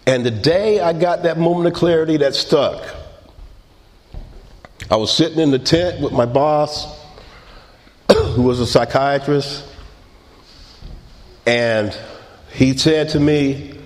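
A middle-aged man speaks at a slow, deliberate pace, his voice sitting a touch high. He tells his own recovery story with wry, self-mocking humor and quiet laughs. The sound carries the long reverb of a hall. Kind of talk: personal recovery testimony.

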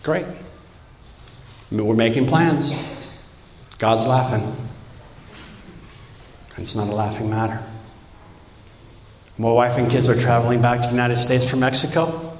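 A middle-aged man from Romania giving a personal recovery testimony in slow, deliberate, blunt words. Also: mid-range voice. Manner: slow, deliberate delivery with blunt, raw wording. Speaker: recovering alcoholic sharing his story. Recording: roomy hall with long reverb, faint background noise.

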